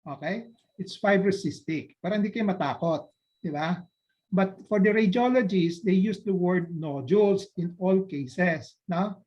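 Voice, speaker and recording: Filipino guy doc explaining stuff slow n patient, keeps saying no? okay?, kinda dull muffled audio. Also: sits high, a little mellow. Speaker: doctor giving a live talk. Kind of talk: informal medical Q&A lecture.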